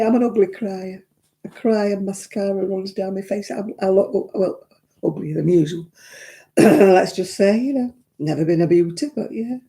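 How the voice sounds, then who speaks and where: A woman's voice: medium pitch, mellow. Chatty self-mocking woman. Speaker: craft live-stream host. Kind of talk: casual live-stream chat.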